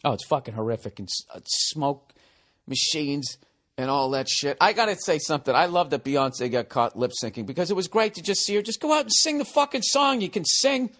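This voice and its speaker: A man hosting a podcast, telling a profane, ranting comedic story with animated delivery. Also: a little high, a little fast. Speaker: podcast host.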